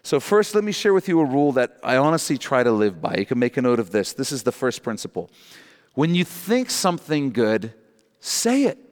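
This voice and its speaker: A middle-aged man preaching a sermon on marriage, animated and joking, repeating short refrains for emphasis. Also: mid-range voice, a little fast, big-room sound. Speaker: pastor.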